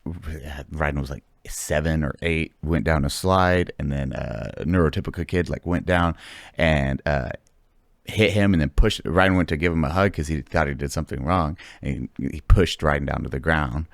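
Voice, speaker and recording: Very deep-voiced man telling stories. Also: moderate pace, vocal fry, no room sound, clean studio sound. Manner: animated storytelling, heavy swearing, acts out quotes loudly. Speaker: podcast host. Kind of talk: casual chat.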